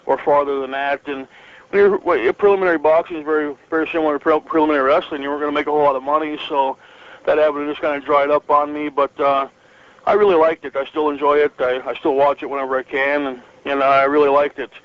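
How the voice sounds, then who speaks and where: A middle-aged man from northern Michigan reminisces in a loose, rambling way, full of fillers and restarts. His pitch sits a little high but barely moves. The audio sounds muffled and lo-fi, like a phoned-in interview. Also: flat delivery, fast. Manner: rambling, many fillers and restarts, chuckles often. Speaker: interview guest, retired pro wrestler. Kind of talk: relaxed storytelling interview.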